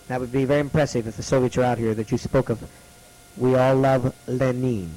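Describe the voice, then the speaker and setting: A man teaching a classroom lesson, slowly repeating each letter's sound for students to copy. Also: medium pitch, fairly even intonation, dark tone, a little hiss or hum, rough recording.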